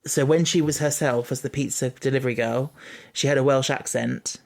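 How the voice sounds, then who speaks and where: A man co-hosting a casual podcast, explaining points in a steady way. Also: medium pitch, a little fast, vocal fry. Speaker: podcast co-host. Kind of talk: casual chat.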